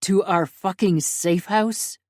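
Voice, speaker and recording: A woman's voice: low-pitched, steady tone, a little slow, vocal fry, a little mellow, no echo, clean studio sound, pitched below the performer's own voice. A woman voicing a dangerous, commanding mafia man who growls and demands answers. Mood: stern.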